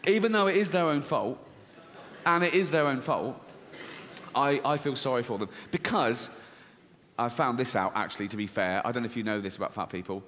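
A man's voice: mid-range voice, lively intonation, quick pace, a bit bright, a little hiss or hum. A man with an English accent doing a stand-up routine, telling a story in a crude, sardonic way with frequent swearing. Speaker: stand-up comedian. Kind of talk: stand-up comedy. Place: large theatre stage. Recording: live show in large reverberant hall.

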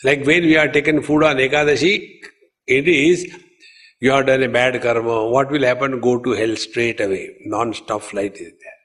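A man's voice: medium pitch, fairly even intonation, moderate pace, fairly bright tone. A man with an Indian English accent giving a humorous spiritual discourse, chanting verses and telling stories. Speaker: spiritual teacher.

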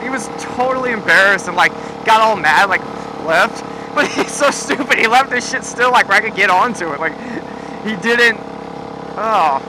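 A young man with a high-pitched voice tells a rambling, profane story to his camera, laughing often and piling up fillers. Traffic and engine noise are clearly heard behind him. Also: a little fast. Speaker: vlogger. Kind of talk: casual storytelling vlog.

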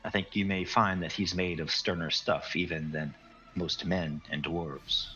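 A man voicing an ancient, wise male elf lord who speaks in measured, solemn pronouncements. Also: deep voice, fairly even intonation, sharp tone, lo-fi sound, faint music behind.

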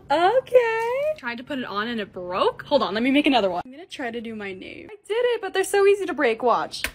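A young woman narrating her own lifestyle vlog in a bubbly, excitable, casual way. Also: on the high side, fast, few pauses. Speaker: lifestyle content creator.

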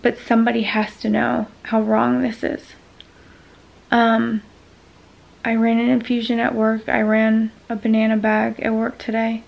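Raspy-edged woman venting in a vlog. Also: fairly high pitch, completely flat delivery, a little slow, dull audio. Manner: frustrated, venting, many ums. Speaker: vlogger sharing a medical experience. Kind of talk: casual talking-to-camera vlog.

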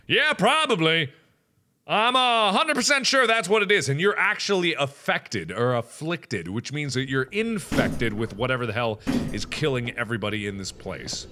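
A man playing a horror game who screams, swears and panics, then settles into calm musing. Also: on the high side, normal speed, slight background noise. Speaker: let's play host.

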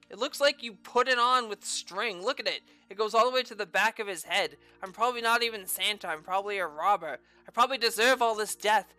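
A woman hosting a let's play, excitable and profane, with loud outbursts. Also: medium pitch, a little fast, faint music behind. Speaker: gaming video host.

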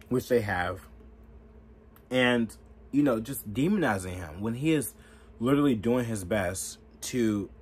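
A man's voice: on the low side, slightly rough. A man ranting through political commentary in a heated, profane way, filling his talk with "like". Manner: profane, heated, lots of fillers.

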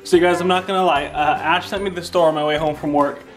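A man's voice: fairly high pitch, steady tone, fast talker. A young man with an American accent talking casually to a handheld camera at home, chatty and easily distracted. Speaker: vlogger. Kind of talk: casual family vlog chat. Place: family home, indoors.

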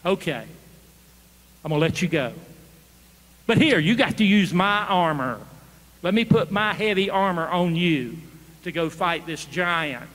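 A worried king fires off disbelieving questions in a lowered voice, as a male preacher acts him out. The sound carries the long reverb of a big church hall. His delivery swings between fast and slow. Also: animated, a bit bright. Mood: reluctant. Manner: incredulous, pleading questions.

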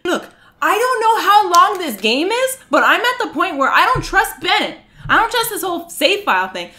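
A young woman streamer giving excitable, exclamation-filled commentary while she plays a video game. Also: high-pitched, normal speed. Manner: excitable, with frequent shrieks and exclamations. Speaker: gaming streamer. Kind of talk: reactive gameplay commentary.

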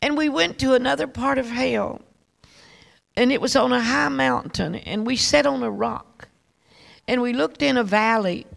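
A woman's voice: fairly high pitch, creaky. A woman preacher telling a testimony sermon in an emphatic, repetitive storytelling manner, addressing the congregation directly.

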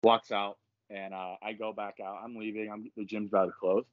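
Profane, animated man telling a story. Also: on the low side, moderate pace, no echo, highs cut off. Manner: profane, animated retelling with acted quotes. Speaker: podcast guest. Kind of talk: casual storytelling.

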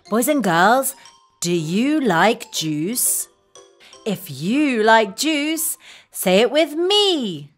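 A woman's voice: on the high side, sing-song, extremely slow, soft background music. A woman teaching children English in a scripted cartoon lesson, talking in an exaggerated sing-song way that coaxes kids to repeat phrases.

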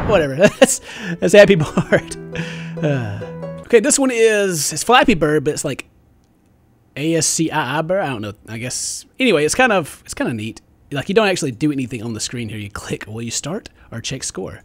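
A man giving excitable let's play commentary at home, yelping and laughing at the games he plays. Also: on the high side. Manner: excitable, yelps and laughs at the game. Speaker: gaming YouTuber.

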